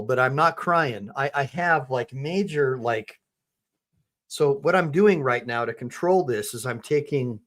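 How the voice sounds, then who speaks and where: A middle-aged man with a medium-pitched, fairly bright voice hosts a livestream. He rambles casually and speaks directly to his viewers while his eyes water from allergies.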